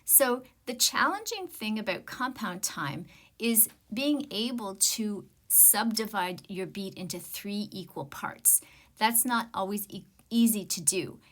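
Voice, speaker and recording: A woman's voice: medium pitch, animated, unhurried, fairly bright tone. A woman music teacher giving an online rhythm lesson, explaining patiently and counting and chanting rhythm syllables aloud.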